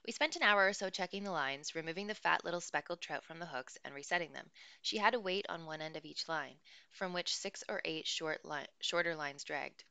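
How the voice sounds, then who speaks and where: A woman reads a novel aloud in an expressive, dry first-person style. Her voice sits low but sounds bright and smooth. It is close and dry, with no room around it. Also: brisk, dry recording. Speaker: audiobook reader.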